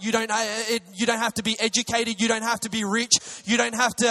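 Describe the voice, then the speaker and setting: A young man, a preacher, telling an excitable personal testimony story with many restarts. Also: high-pitched, fairly quick, hardly any pauses. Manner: animated, excitable, with frequent restarts.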